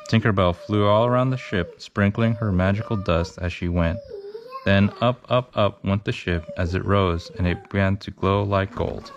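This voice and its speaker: A man's voice: on the low side, normal speed, a little hiss or hum. A man reading a children's storybook aloud to children, now and then stumbling over a word.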